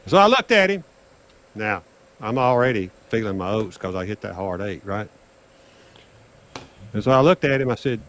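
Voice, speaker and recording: Older man spinning an animated casino yarn. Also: moderate pace, long pauses, slight background noise. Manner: animated, acts out dialogue with raised pitch. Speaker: guest storyteller on craps livestream. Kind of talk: casual storytelling chat.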